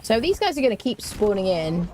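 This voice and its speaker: A woman's voice: medium pitch, big pitch swings, brisk, dark tone. A woman streaming a game, chatting casually, humming little tunes to herself, joking and talking to enemies and her chat as she plays. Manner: chatty, hums and mutters to herself while playing. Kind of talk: casual gameplay commentary.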